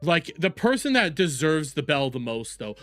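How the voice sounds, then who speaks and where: A man streaming casual reaction commentary, animated and swearing, often repeating words and mocking the people in the clips. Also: on the high side, moderate pace, no room sound, soft background music.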